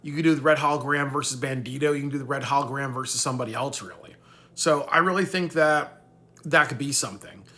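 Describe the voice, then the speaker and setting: Speaking fast in a mid-range voice that sounds pushed and bright, the wrestling commentator chats loosely in a vlog. His talk wanders, full of swearing, with "really" tacked onto the end of his points.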